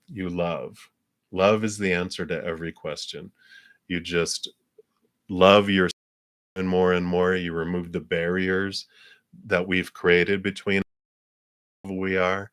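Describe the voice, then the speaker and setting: A man with a very low, deep voice reading tarot cards on a live stream. He speaks in a gentle, spiritual manner, chuckles often, and drifts through fillers as he goes. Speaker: tarot card reader.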